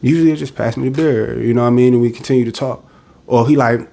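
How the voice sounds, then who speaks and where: A man's voice: mid-range voice, fairly even intonation, fast talker, gravelly, warm tone. Blunt, direct man venting on a podcast. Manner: blunt and direct, acts out quoted voices. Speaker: podcast host. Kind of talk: casual monologue.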